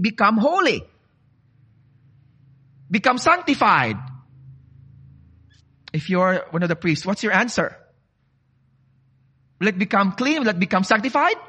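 A man preaching a sermon, from the Philippines, lively and animated as he quizzes the congregation. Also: high voice.

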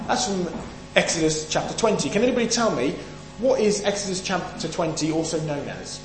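A man's voice: high voice, lively intonation, fairly quick, few pauses, soft background music. A man from the UK preaching a Sunday sermon, emphatic and questioning the audience as he reads and explains scripture. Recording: echoey hall, faint hum.

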